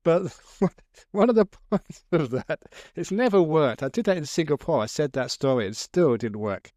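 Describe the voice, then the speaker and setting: A man's voice: a little high, lively intonation, normal speed, a little mellow, dry recording. Chuckling man giving a dharma talk. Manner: jokey, chuckling, conversational. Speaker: Buddhist monk and teacher. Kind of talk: humorous storytelling dharma talk. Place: talk to a live audience.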